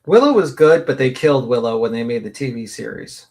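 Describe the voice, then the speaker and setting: A man's voice: mid-range voice, expressive, a little fast, darkish tone. Crude slangy guy cracking jokes on a gossip livestream. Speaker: livestream co-host. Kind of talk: casual gossip chat.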